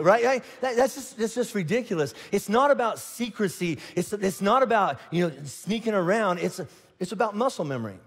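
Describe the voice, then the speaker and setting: A man's voice: high-pitched, expressive, a little fast. A middle-aged man from Indiana preaching a sermon as pastor, telling stories with acted-out voices and frequent restarts. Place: large church auditorium. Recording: long hall reverb.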